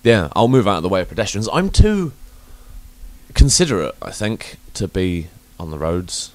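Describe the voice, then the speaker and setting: A man hosts a laid-back podcast, launching into sweary rants that jump from muttering to loud emphasis. His voice swings widely in pitch. The recording is dry and close, with no room around it. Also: sing-song, normal speed, no echo. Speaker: podcast host. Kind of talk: casual chat.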